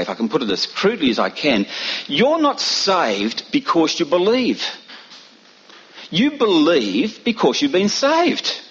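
Preacher, male, husky voice with lively pitch, dull lo-fi recording. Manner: emphatic, rhetorical questions, dramatic pitch swings. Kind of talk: sermon.

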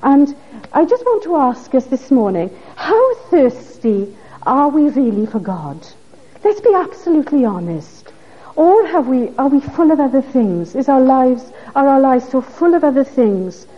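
A woman's voice: high-pitched, very animated, a little slow, mellow, husky. A woman preaching a sermon, pressing her listeners with earnest, pleading questions. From Wales. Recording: dull lo-fi recording.

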